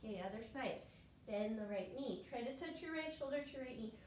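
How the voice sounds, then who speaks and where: A woman leading a yoga class, giving calm step-by-step cues on each breath, a little out of breath. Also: fairly high pitch, fairly quick, slight background noise. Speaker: yoga teacher. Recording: echoey room, mic far off.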